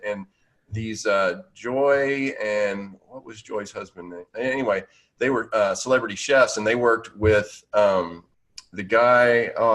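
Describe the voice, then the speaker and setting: A man's voice: fairly low pitch, fairly bright tone, low-quality recording. A man hosting a casual video-call interview, rambling with many restarts and fillers. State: out of breath. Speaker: podcast host.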